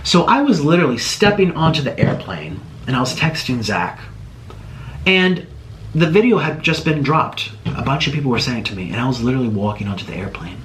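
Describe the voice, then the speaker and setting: Man, YouTuber, indignant rant to camera, pitch leaping high on questions, faint hiss behind. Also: sing-song, a bit bright, low-quality recording. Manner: indignant, rapid rhetorical questions, mocking imitations. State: agitated. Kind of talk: heated personal rant to camera.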